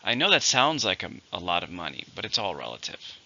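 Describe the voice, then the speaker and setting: A male English teacher runs a vocabulary lesson, going through a word list in a bright, edgy, gravelly, lower-pitched voice with huge pitch swings. He slows to stress each syllable when modeling words, and the recording is dull and lo-fi with slight background noise.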